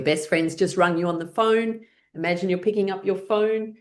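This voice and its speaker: A woman's voice: lowish voice, a little fast, hardly any pauses, darkish tone. A woman teaching a laughter yoga class, guiding people through exercises in a playful, encouraging way. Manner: playful and encouraging, leads by example.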